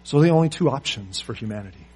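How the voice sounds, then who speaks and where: A man preaching a sermon, pressing his listeners with rhetorical questions and moving between loud emphasis and quiet asides. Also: medium pitch, expressive, quick pace, husky. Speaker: pastor.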